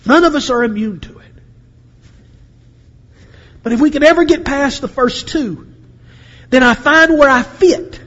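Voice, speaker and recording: A man preaching a sermon, acting out voices and swinging between loud and quiet. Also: very high voice, unhurried, long pauses, dull audio. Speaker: pastor. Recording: echoey hall with long reverb.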